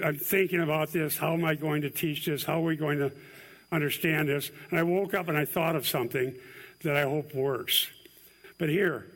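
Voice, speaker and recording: A man preaching a sermon, explaining a point of scripture in a conversational way, with light asides and slowed-down emphasis on key words. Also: fairly high pitch, a bit bright. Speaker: pastor. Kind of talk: sermon with Bible teaching.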